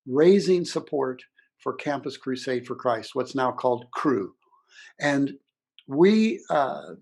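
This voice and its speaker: Middle-aged man, earnest and reflective storyteller, mid-range voice. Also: medium pitch. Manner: earnest, reflective, with pauses and restarts. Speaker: ministry speaker. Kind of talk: personal storytelling talk.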